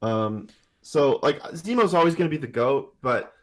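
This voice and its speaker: A man's voice: mid-range voice, lively intonation, normal speed. A man co-hosting a casual tabletop gaming podcast, rambling with lots of fillers and restarts. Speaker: podcast co-host.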